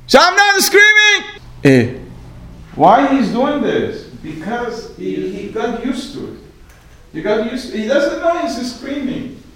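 A man with a notably high voice gives a relaxed religious lesson to a small group. He speaks in loose, repeating phrases, leaning on "you know", and now and then sinks into quiet asides. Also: a little slow, low-quality recording. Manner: repetitive, many "you know" fillers, acts out exchanges. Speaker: religious teacher. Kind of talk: informal Torah class.

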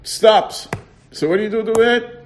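High-voiced man teaching a class. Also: moderate pace. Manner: keeps quizzing listeners with rhetorical questions. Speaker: teacher of a religious text class. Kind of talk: informal religious class with audience questions.

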